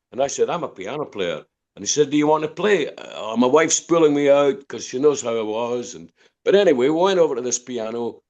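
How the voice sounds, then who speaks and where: A man's voice: medium pitch, darkish tone, dull audio. An older man with a Scottish accent, a podcast guest telling long anecdotes with many restarts. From Scotland, Dundee. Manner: rambling storyteller, repeats words and restarts. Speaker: guest musician. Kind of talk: podcast interview.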